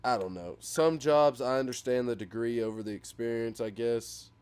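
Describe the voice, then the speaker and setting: A man's voice: medium pitch, moderate pace, clear, resonant tone. A young man co-hosting a podcast, chatting casually and rambling with lots of fillers. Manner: rambling, filler-heavy, animated when retelling memes. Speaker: podcast co-host. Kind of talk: casual chat.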